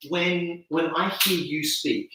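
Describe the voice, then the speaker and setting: A man's voice: fairly high pitch, slow pace, heavy reverb, recorded from a distance, noisy background. A man explaining on-camera video tips as an interview guest, acting out reactions with gasps and laughs. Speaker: video campaign founder, guest.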